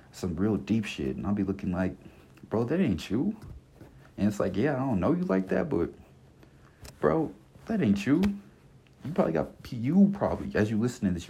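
A little hiss or hum sits under the recording of this twenty-something podcast host's casual monologue, a passionate, blunt rant thick with slang and cursing that keeps doubling back on its points. His voice sits low and sounds dark.

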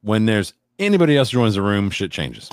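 A man's voice: fairly low pitch, very animated, brisk, dry recording, clean studio sound. A man in a casual podcast chat, telling rambling stories with crude jokes. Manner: rambling, crude joking storyteller.

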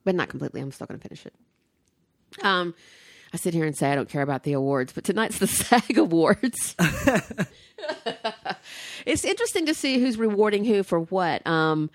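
A woman's voice: fairly low pitch, gravelly, dry recording, studio quality. A woman co-hosting a casual chat show, talking loosely with frequent fillers and laughs. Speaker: podcast co-host.

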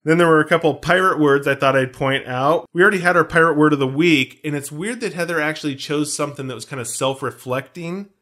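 A man's voice: fairly high pitch, fast, few pauses, a bit bright. Rambling, jokey man podcasting. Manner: jokey, rambling, self-mocking. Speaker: podcast co-host. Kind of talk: casual chat about a film.

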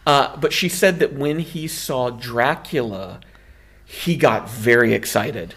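A man's voice: medium pitch, takes it slowly, a bit bright. A man co-hosting a film podcast, chatting casually and explaining film history at length. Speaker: podcast co-host.

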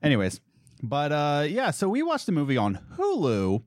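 A man's voice: a little high, wildly swooping pitch, normal speed, darkish tone, no room sound, studio quality. A young adult man co-hosting a podcast in loose, rambling casual chat, often correcting himself as he goes. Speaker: podcast co-host.

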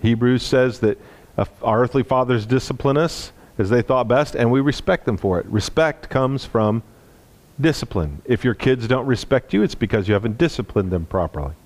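A man's voice: animated, moderate pace. Earnest male preacher telling a story. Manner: earnest storytelling, drops low and soft on tender moments. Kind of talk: sermon with a personal story.

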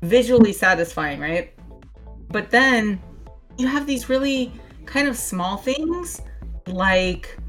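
A woman's voice: a little high, lively intonation, takes it slowly, pauses often, a bit bright, soft background music. Woman gushing in casual podcast chat. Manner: enthusiastic, gushing, filler-heavy. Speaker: podcast co-host.

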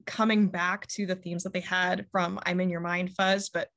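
A woman's voice: fairly low pitch, flat delivery, moderate pace, a bit bright. A woman co-hosting a casual music podcast, chatty and full of ums and likes. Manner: chatty, many ums and likes, laughs often. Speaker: podcast co-host. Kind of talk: casual music review chat.

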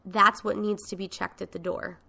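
A woman hosting a podcast gives a motivational talk in a frank, emphatic way, with casual swearing. Her voice is bright and forward, with a gravelly, creaky texture. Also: medium pitch, level tone, normal speed. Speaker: podcast host and coach.

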